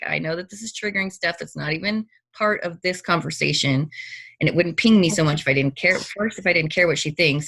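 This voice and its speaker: A middle-aged woman chatting casually, her voice bright and forward and set a touch low. She tells her story in an animated way, and she often slips into quoted reactions as she goes. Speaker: storyteller in a personal conversation. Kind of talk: casual chat.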